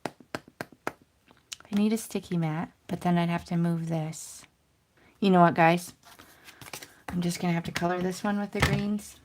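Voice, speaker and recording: A woman's voice: fairly low pitch, fairly even intonation, unhurried, long pauses, a little hiss or hum. A woman in her thirties hosting a casual crafting livestream, chatting to viewers in a self-deprecating, rambling way. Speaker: crafting channel host. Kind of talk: casual livestream chat while stamping and coloring.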